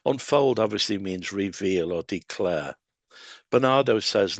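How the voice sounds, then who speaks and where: Low-voiced man giving a lecture. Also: expressive, dry recording. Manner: explanatory, measured, with pauses and fillers. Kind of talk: public lecture.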